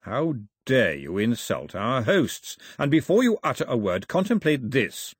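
A man voicing a newly crowned king who speaks in a slow, deliberate, commanding way, in an audiobook reading. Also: medium pitch, big pitch swings, husky, no echo, clean studio sound. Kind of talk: audiobook character voice.

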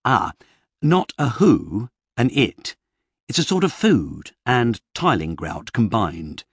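A man voicing a flustered writer who talks in a fussy, rambling, exasperated way, pitched up from his reading voice, in an audiobook. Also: sing-song, slow pace, husky, no echo, studio quality, exaggerated voice. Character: flustered middle-aged male fantasy writer.

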